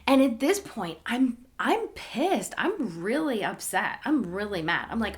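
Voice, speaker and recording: A woman telling a personal story in a candid, animated way, sometimes dropping to hushed asides. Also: a little high, normal speed, few pauses. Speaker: spiritual channel host.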